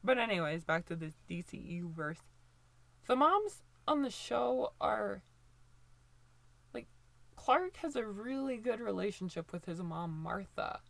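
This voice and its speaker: A woman's voice: medium pitch, lively intonation, measured pace, creaky, fairly bright tone, dry recording. A woman in her twenties giving casual, opinionated commentary, rambling with lots of fillers and restarts. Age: 20s.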